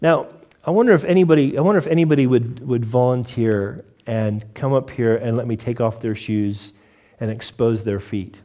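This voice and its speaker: A male pastor delivering a sermon to his congregation, lively and joking, often asking rhetorical questions. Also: mid-range voice, normal speed. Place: church before a congregation.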